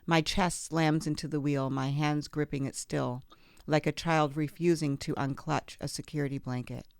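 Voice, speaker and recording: A woman podcast host reading a memoir aloud in a measured, expressive way on a close studio mic. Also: low voice, smooth, no room sound.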